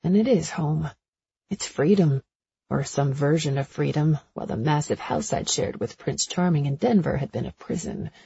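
Woman narrator for a first-person romance audiobook; raspy, gravelly, breathy and intimate, dull lo-fi sound. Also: sits low, normal speed, dark tone.

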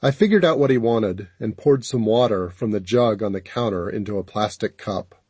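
A man narrating a first-person audiobook in a steady, even storytelling manner. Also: lowish voice, moderate pace, husky, no echo.

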